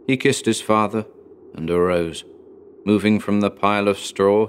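A man hosting a horror podcast, narrating a story in a measured, deliberate reading. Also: on the low side.

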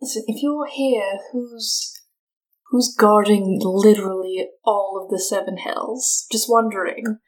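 A laid-back shifty rogue guy with a fake accent, as a woman player puts him on, joking, slightly high voice. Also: expressive, fast, natural voice, poor audio. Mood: defensive.

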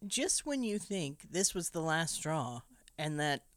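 A woman tells a film's story in a loose, profane, animated way, laughing as she goes. Her voice is on the low side and the sound is dry and close. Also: measured pace, dry recording. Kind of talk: casual film recap.

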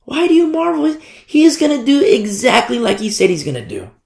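A man's voice: extremely high pitch, wildly swooping pitch, fairly quick, vocal fry, a little mellow, roomy sound, voice pushed up, heavily acted. A man voicing astonished angels who question the disciples in an insistent, incredulous tone.

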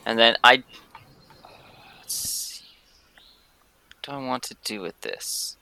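A man plays a tabletop game and asks the game master questions in a somewhat hesitant way. His voice is gravelly and very bright. A faint hiss of noise sits behind him. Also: medium pitch, big pitch swings, takes it slowly. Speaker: player. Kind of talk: casual tabletop play.

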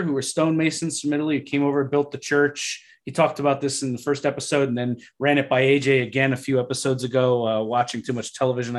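A man co-hosting a podcast, talking eagerly about a TV episode and often restarting his sentences. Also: mid-range voice. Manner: enthusiastic, restarts often when excited. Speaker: podcast co-host. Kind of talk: casual discussion of a TV episode.

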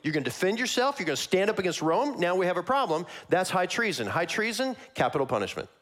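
A man preaching a sermon, walking through a Bible passage verse by verse in a conversational, animated way that acts out the characters. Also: high voice, fast talker.

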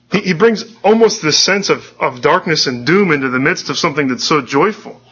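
A man's voice: fairly high pitch, lively intonation, fairly quick, sharp tone, slightly rough, dull audio. A pastor giving a conversational, earnest sermon, often restarting his sentences.

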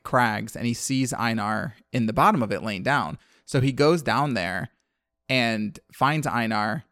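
A man in a casual chat, retelling a story with lively delivery and quick shifts into the characters' voices. His voice sits at a medium pitch and is recorded dry and close, with no room sound. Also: no echo. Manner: animated storyteller, acts out characters' lines. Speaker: podcast co-host recapping a film.

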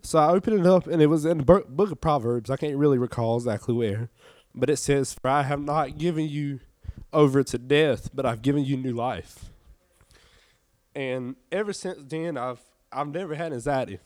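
A man's voice: medium pitch, normal speed, darkish tone, dry recording. A young man giving an earnest, emotional personal faith testimony, sounding tired and subdued. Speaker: church member giving testimony.

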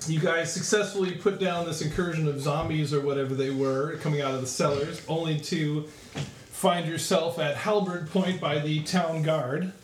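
A man's voice: a little high, fairly even intonation, normal speed. A man narrating as game master of a tabletop game, rambling with many fillers. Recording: echoey room with faint noise.

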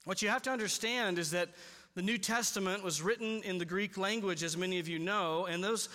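A man preaching a sermon in a church, emphatic and slowing down on key points. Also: high voice, bright, forceful tone. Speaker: pastor. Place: church sanctuary. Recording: long hall reverb.

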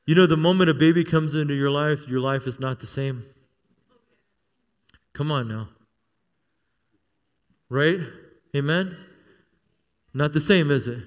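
A man's voice: a little high, big-room sound. A middle-aged male pastor preaching a sermon, telling stories with humor and asking the church for amens. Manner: storytelling with humor, calls for amen.

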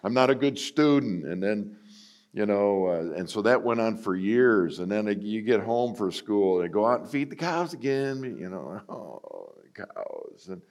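A middle-aged man preaching a sermon in a conversational, self-mocking way, often acting out quoted lines with sudden jumps up in pitch. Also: lively intonation, normal speed, darkish tone. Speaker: guest preacher. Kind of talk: sermon with personal storytelling.

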